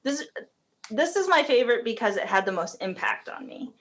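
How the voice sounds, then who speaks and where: A woman's voice: on the high side, big pitch swings, fairly quick, a bit bright. A woman guest on a podcast talking casually, chatty and emotional, often laughing as she speaks. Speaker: podcast guest, company COO.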